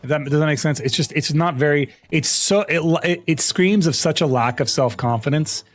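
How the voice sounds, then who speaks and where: A man's voice: a little high, normal speed. A man streaming a game live, chatting casually with his viewers, rambling with many fillers and restarts. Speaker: gaming streamer.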